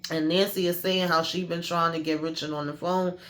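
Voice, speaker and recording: A woman hosting a casual TV episode recap who talks in an animated, slangy way and acts out the characters. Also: lowish voice, a little fast. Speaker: YouTube TV recap host.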